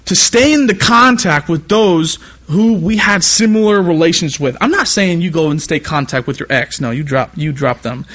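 Recorded with an iPad, this high-voiced young Californian gives a sermon as a youth pastor. His delivery shifts from energetic preaching to casual personal tangents, peppered throughout with "you know."

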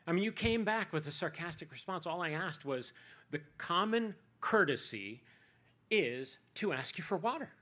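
A man's voice: on the high side, lively intonation, normal speed, sharp tone, voice pushed up. A man voicing Jesus as a teacher who answers with probing questions, in a sermon retelling.

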